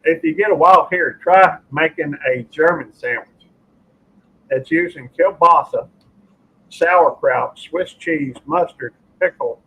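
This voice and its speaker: A man's voice: on the high side, slow pace, a bit bright, breathy edge. A man hosting a casual chat, rambling with hesitant fillers. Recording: slightly dull audio with faint noise.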